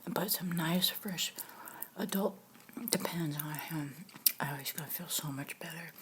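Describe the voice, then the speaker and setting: Middle-aged woman whispering a story real slow, laughs a lot, low-ish voice. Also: slight background noise. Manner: soft, half-whispered with bursts of laughter. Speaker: vlogger telling a story. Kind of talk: soft-spoken storytelling, partly whispered.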